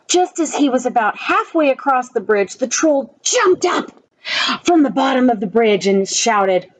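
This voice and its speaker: Slow breathy woman reading a children's story. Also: high voice, animated, rough recording. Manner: slow, gentle, asks children questions. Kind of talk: children's story read-aloud. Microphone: own camera.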